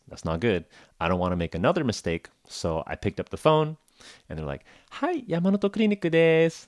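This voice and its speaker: Deep-voiced man telling a lively story. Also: dry recording, clean studio sound. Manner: animated, acts out dialogue with laughs. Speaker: podcast host. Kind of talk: casual storytelling for English learners.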